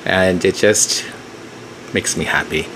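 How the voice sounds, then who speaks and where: A man hosting his own channel, speaking reflectively and pausing often, close to tears as he talks. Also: low voice, background noise. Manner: slow, reflective, pausing to gather himself. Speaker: channel host. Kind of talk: emotional solo commentary.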